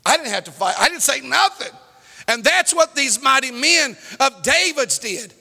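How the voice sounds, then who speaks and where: A man preaching a sermon in a church, breaking into loud outbursts and telling stories. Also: very high voice, expressive, normal speed, creaky, long reverb tail. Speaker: pastor.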